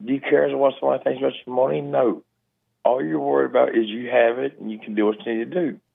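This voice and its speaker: A man with a Southern accent calling in, mumbling and talking fast in casual chat. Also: mid-range voice, steady tone, gravelly. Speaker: caller. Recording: tinny phone line.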